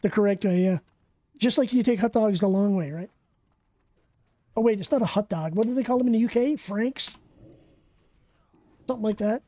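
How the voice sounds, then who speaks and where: Profane gaming streamer, warm voice. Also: mid-range voice, normal speed, pauses often, dry recording. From Canada. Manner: excitable, profane, chatty banter with viewers. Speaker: game streamer. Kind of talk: live gameplay commentary.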